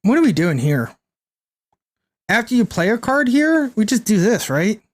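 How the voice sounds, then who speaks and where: Chatty young man with a high voice. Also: big pitch swings, normal speed. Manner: chatty, thinks aloud, reads and answers chat. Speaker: game streamer. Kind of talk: casual live-stream commentary.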